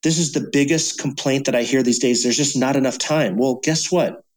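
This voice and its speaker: A man in a podcast interview speaks as a seasoned leadership keynote speaker. His voice sits at an ordinary middle pitch, and he tells stories emphatically, slipping into the voices of the people he describes. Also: steady tone, moderate pace. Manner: emphatic, acts out dialogue. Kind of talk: storytelling podcast guest.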